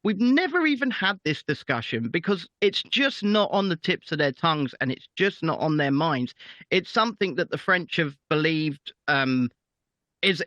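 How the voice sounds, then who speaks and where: A male guest commentator, emphatic and a little repetitive. His voice is bright and sits fairly high, heard through a dull, dry remote microphone. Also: no echo. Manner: emphatic, repeats himself. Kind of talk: political commentary chat.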